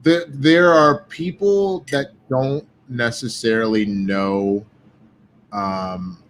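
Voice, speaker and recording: A man in casual podcast chat, telling animated, profane stories and acting out what others said. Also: medium pitch, slow pace, slight background noise. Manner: profane, animated storytelling with quoted voices. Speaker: guest.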